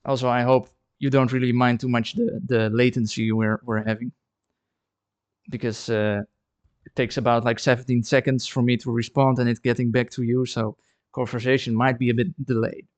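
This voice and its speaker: Man, friendly live-stream chat, art studio, dry sound, mid-pitched voice. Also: flat delivery, normal speed, darkish tone, no echo. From Netherlands. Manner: friendly, chatty, repeats words while thinking. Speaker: ceramic artist streaming live. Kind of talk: casual livestream chat.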